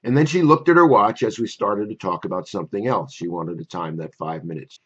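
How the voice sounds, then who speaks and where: An older man, a memory course instructor, telling a personal story in a wry, conversational way before pitching his course. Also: brisk, a bit bright, slightly rough, highs cut off.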